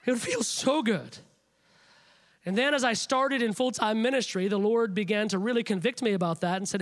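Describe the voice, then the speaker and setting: A man's voice: high voice, moderate pace. A man preaching a sermon, emphatic and repeating phrases as he builds his point.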